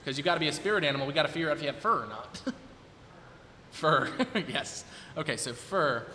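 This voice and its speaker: Bright young man chatting in a reverberant recital hall. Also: a little high, fairly quick. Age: 20s. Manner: thinks aloud, chatty and hesitant. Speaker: recital performer talking to the audience. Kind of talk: casual audience interaction. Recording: long hall reverb, faint noise.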